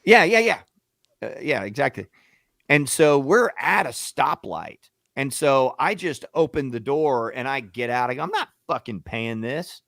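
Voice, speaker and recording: Male radio co-host, mid pitch, dry close mic, animated profane storyteller. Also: a little slow, vocal fry, no echo. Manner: profane, acts out shouting matches in quotes.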